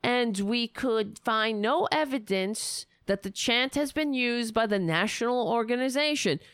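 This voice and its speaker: A woman's voice: fairly high pitch, unhurried, clean tone, dry recording. Heated, sarcastic woman ranting into a dry mic. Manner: heated, profane, sarcastic ranting with sudden loud outbursts. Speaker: political commentary host. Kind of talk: angry political commentary.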